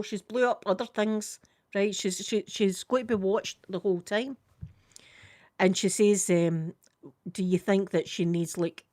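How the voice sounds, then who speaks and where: An older woman with a Scottish accent tells a story in a casual chat. She is animated and keeps saying "I says" as she retells a conversation. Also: medium pitch, no echo, clean studio sound. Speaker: vlogger.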